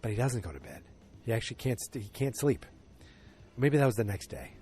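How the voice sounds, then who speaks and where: A man hosting a casual solo podcast. He retells the story in a rambling way, with lots of fillers, self-corrections and excited asides. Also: mid-range voice, fairly quick, husky. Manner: animated, exclamatory asides. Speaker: podcast host.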